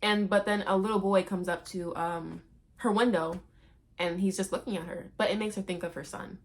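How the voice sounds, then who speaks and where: A woman's voice: mid-range voice, steady tone, moderate pace, a little hiss or hum. A woman recapping a movie in a casual, playful and slangy way, chatting to her viewers.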